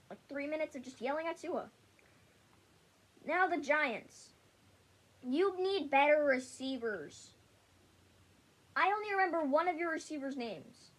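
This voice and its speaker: A woman with a very high, bouncy voice that climbs and dips all through a loose, blunt rant about sports. She rambles, stumbles and restarts her sentences often, and she never softens her verdicts. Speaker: sports vlogger. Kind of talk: casual sports opinion rant.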